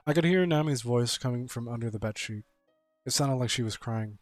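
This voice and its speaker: Guy reading a visual novel out loud and ranting, mid pitch, dry close mic, faint music behind. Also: brisk, no room sound. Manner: exasperated, profane running commentary. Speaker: streamer playing a visual novel. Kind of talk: reading game text aloud with reactions.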